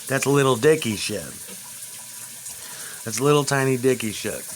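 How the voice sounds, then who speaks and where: A man in a rambling, crude monologue vlog, swinging between loud outbursts and low mutters, recorded at home. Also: a little slow, a little hiss or hum, poor audio.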